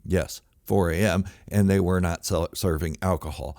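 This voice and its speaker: A man with a deep, low voice tells a true story for laughs. He exaggerates freely, jumping from loud, indignant outbursts to quiet mutters. The recording is dry, with no room sound. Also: steady tone, normal speed, no echo. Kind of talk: comic true-story monologue.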